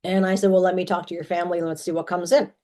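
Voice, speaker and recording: A woman telling personal stories in a casual monologue, rambling with many restarts and often clearing her throat. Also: fairly low pitch, level tone, rapid-fire, warm tone.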